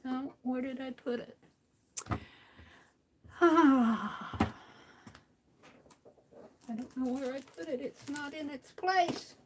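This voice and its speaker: A woman chats slowly to herself while making crafts, her slightly high voice often sinking to a soft murmur. A faint hiss of noise sits behind her. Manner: slow, muttering to herself, drops to soft near-whispers. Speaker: craft livestream host. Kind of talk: casual craft talk while working.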